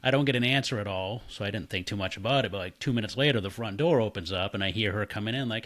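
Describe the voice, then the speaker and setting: A man casually telling a story, animated and swearing freely while he acts out the voices of the people in it. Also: on the low side, fast, hardly any pauses. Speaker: podcast guest.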